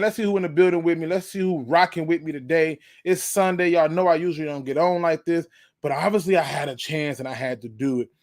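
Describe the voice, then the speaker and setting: A man with a slightly high voice hosts a live sports fan show, talking football on a live stream. He's emphatic and hyped, repeating himself for effect and giving loose, slangy shout-outs to viewers.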